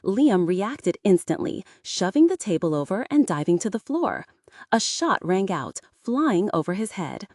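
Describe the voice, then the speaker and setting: A woman narrating an audiobook for English learners, clear and expressive. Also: mid-range voice, a little slow, dry recording, clean studio sound.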